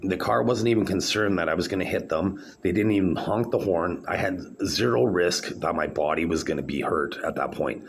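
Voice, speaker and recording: A man from Canada talking to camera in a rambling monologue, aggrieved and halting, full of fillers and restarts. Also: low-pitched, gravelly, slight background noise. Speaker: vlogger.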